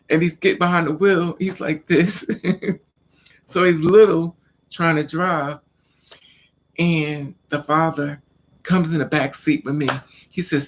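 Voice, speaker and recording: A man's voice: on the high side, little pitch movement, a little slow. A man telling a personal story in a casual vlog, acting out scenes and repeating words for emphasis. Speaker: vlogger.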